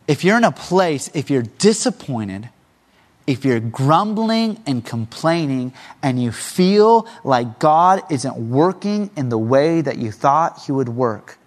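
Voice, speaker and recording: A man's voice: on the high side, fairly bright tone. A male pastor preaching a sermon in a conversational way, asking many rhetorical questions.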